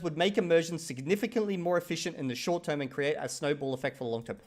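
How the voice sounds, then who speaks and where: A young man talks loosely through a live stream, reading viewer comments aloud and answering them on the spot. His voice sits a little high for a man, and he stays animated, laughing often and swearing casually. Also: fast, hardly any pauses. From Australia.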